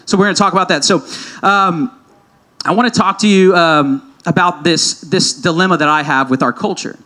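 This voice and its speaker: A man's voice: sits high, normal speed, sharp tone. A man preaching a sermon to a congregation, speaking conversationally, asking the room questions and often restarting his sentences. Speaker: pastor. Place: church hall before a congregation.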